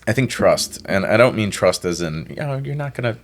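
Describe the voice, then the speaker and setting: Deep-voiced man giving casual advice. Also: a little fast. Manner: relaxed, reflective, uses filler "like" often. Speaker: life and love coach.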